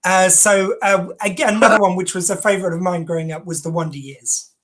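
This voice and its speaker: An English-accented host leading a relaxed interview. The talk is easygoing and wanders off into digressions, full of "uh" and "like" fillers. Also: mid-range voice, brisk. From England. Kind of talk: casual interview chat.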